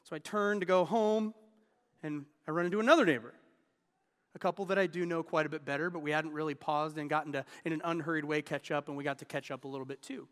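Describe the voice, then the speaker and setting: A man's voice: on the high side, fairly even intonation, quick pace, in a large hall. A man in his thirties giving a sermon as pastor, telling personal stories in an earnest, candid way. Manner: earnest, candid storytelling with restarts.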